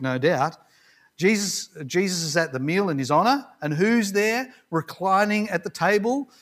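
A man preaching a sermon with a slightly higher voice than most men. He talks in a conversational, reflective way and retells a scripture story with the odd restart. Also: a bit bright.

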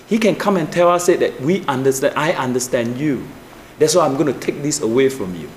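A man's voice: medium pitch, expressive, brisk, reverberant, a little hiss or hum. A man preaching a sermon, asking the listeners questions, with slightly non-native grammar. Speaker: pastor.

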